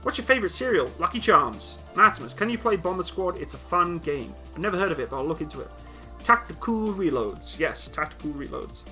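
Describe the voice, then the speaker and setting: A young man from Britain hosts a casual live question-and-answer stream, reading viewers' comments aloud and answering them in a blunt, teasing way. His voice sits a little high for a man and comes across bright and forceful. Faint music plays quietly behind him. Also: animated, quick pace, hardly any pauses. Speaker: livestream host answering chat questions.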